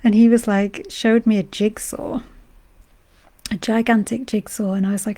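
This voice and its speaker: Soft whispery British woman, unwell. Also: medium pitch, level tone, moderate pace. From Britain. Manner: soft-spoken, gentle and rambling, with frequent fillers. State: unwell, voice going. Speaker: meditation guide. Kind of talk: casual spiritual talk on a live stream.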